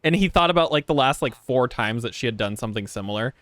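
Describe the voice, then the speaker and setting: A man streaming and telling a story in casual chat, animated, swearing freely and laughing as he goes. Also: medium pitch, quick pace, no echo, clean studio sound.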